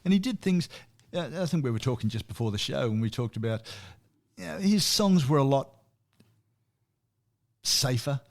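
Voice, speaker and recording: A man's voice: mid-range voice, expressive, normal speed, gravelly, pauses often. A man telling stories in a casual radio chat. He presents a music segment and often chuckles at his own anecdotes.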